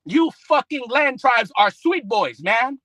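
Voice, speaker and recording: A man's voice: extremely high pitch, sing-song, slow, a bit bright, no room sound, low-quality recording. A man preaching a heated, profane religious rant, scolding his listeners and quoting scripture between outbursts. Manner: scolding, peppered with "man" and "bro".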